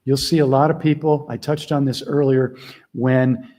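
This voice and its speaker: A middle-aged man leads a group call as a mentor, his mellow, warm voice sitting in an ordinary middle register. He talks earnestly and conversationally, dropping into quiet asides before leaning hard on his key points. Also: mid-range voice, level tone, normal speed. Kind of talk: casual teaching talk.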